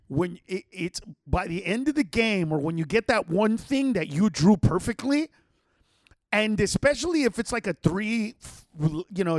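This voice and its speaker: High-voiced, animated man hosting a podcast. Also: dry recording. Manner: animated, swears freely, acts out other people's lines. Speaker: podcast host. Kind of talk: casual storytelling to listeners. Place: home podcast setup.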